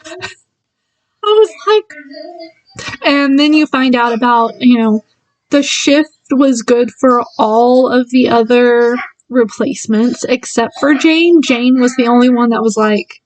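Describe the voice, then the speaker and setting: A woman's voice: a little high, slow, no echo, far from the mic, low-quality recording. A woman casually reviewing a book, retelling the plot in a rambling way with many fillers and laughs.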